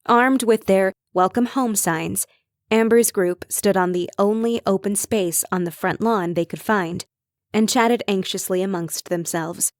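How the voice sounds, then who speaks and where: A woman reading an audiobook in measured, even scripted narration. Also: medium pitch, no echo, clean studio sound.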